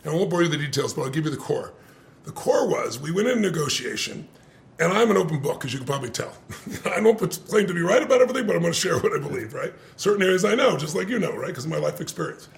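Gravelly older man telling a story. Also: fairly high pitch, quick pace. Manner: animated, swears casually, laughs often, acts out quotes. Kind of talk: storytelling in conversation.

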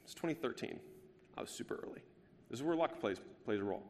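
A man's voice: mid-range voice, lively intonation, fast, slight background noise. A man in his thirties giving a live business presentation in a brash, casual and profane joking way. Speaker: business speaker. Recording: long hall reverb.

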